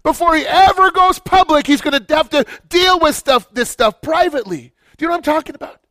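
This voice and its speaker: A middle-aged pastor preaching a sermon, telling a story with passion and rhetorical questions. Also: male voice, very high-pitched, brisk, bright, forceful tone, no room sound, studio quality.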